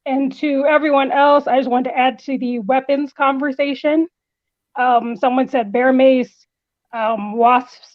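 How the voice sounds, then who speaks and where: A woman's voice: high voice, no echo. A woman calling into a live panel, polite and earnest. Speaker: caller. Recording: dull lo-fi call audio.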